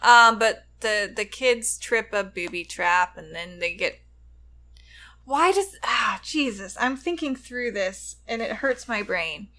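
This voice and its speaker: A woman co-hosting a podcast, retelling a film in casual chat with deadpan jokes and frequent giggles. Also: mid-range voice, takes it slowly. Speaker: podcast co-host.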